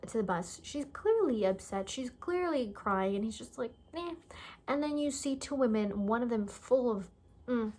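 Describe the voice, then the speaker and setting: A woman's voice: a little high, darkish tone. A young woman giving a casual, exasperated movie review, sarcastic and stumbling over her words at times.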